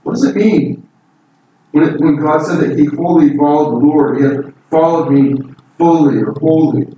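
Guy preaching, fairly high voice, sounds far from the mic in a big echoey room. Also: moderate pace, dull audio, slight background noise. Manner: earnest, emphatic, rising pitch on key points. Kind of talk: sermon.

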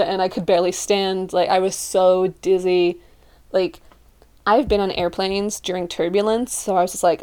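A young woman telling a personal story in a casual, animated way, acting out what she and her friends said. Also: mid-range voice, moderate pace, clear, resonant tone. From living in Utah. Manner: animated, acts out her friends and herself in quoted voices.

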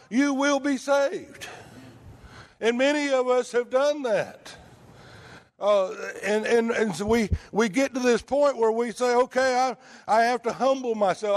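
A man preaching a sermon in a conversational way, asking the congregation rhetorical questions. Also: very high voice.

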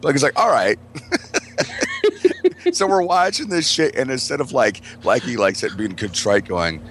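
A man's voice: medium pitch, normal speed, a bit bright, a little hiss or hum. A man telling a rambling, profane story in casual chat as a podcast host, laughing as he goes.

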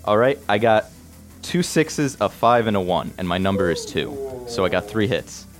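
A man's voice: fairly low pitch, animated, moderate pace, music in the background. A man playing a tabletop game, joking in a laid-back way about his character. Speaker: player. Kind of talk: casual tabletop banter.

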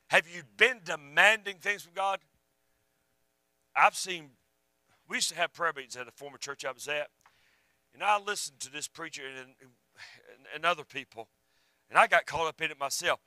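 A male preacher delivering a sermon. His voice is high and very bright, and it swings from fervent swells down to near-whispers. The sound is dry and close. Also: expressive, moderate pace, pauses often, no echo, poor audio. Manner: fervent, rising and falling, drops to a hush.

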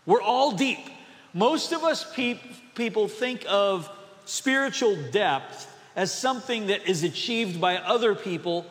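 A man pastor from North Dakota preaches with a light, high voice and an easy, chatty delivery, tossing joking asides to his congregation. His sermon rings out with a long reverb through the church hall. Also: fairly bright tone. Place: church sanctuary.

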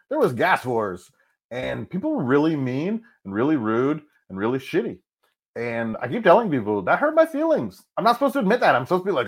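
A man speaking candidly and profanely as an interview guest, animated and open. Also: mid-range voice. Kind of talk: casual interview talk.

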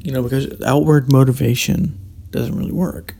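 A man's voice: medium pitch, fairly even intonation, normal speed, vocal fry, warm tone, breathy edge. A man hosting a solo podcast, talking reflectively in a meandering way, with frequent restarts and hesitations. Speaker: podcast host.

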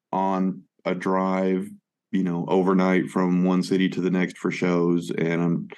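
A man's voice: low-pitched, darkish tone. A man co-hosting a podcast in casual chat about music, laid-back and swearing, with many fillers. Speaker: podcast co-host.

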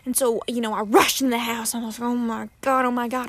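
A woman telling a personal story in a casual, animated way, often dramatizing her panic and laughing at herself. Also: on the high side, fast talker, hardly any pauses, no echo.

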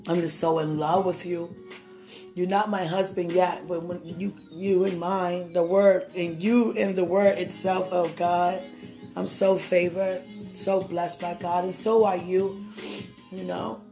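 A woman pours out an affectionate, rambling monologue to someone she loves, often stopping to ask whether he understands. She speaks indoors from her bed. Soft guitar music plays faintly in the background. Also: on the low side, level tone, unhurried. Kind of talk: emotional monologue to a loved one.

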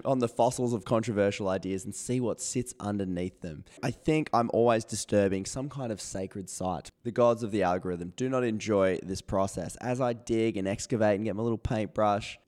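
A man hosting his podcast with a hoarse voice, chatty and self-mocking. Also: on the low side, a little mellow. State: hoarse, voice not working properly. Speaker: podcast host. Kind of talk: casual solo podcast intro.

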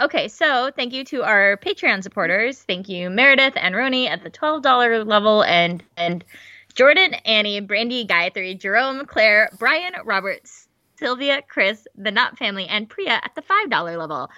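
A woman's voice: fairly high pitch, animated, moderate pace, sharp tone, no room sound, dull audio. A woman co-hosting a podcast in casual chat, enthusiastic and full of filler words. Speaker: podcast co-host.

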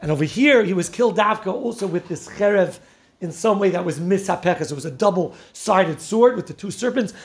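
A man giving a lively Torah talk, telling the stories with animation and frequent laughter. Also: high voice, brisk. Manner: animated storytelling, laughing often, mixing Yiddish and Hebrew terms. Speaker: Torah teacher.

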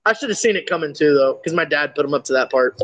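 A young man hosting a podcast, telling crude stories in an animated way and swearing freely. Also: fairly high pitch, fast. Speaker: podcast host. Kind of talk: casual storytelling chat.

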